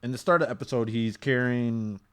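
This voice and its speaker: A man's voice: mid-range voice, steady tone, a little fast, a bit bright, clear, resonant tone. Laughing, stammering male podcast co-host. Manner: laughs often, stammers and restarts. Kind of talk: casual chat reviewing anime.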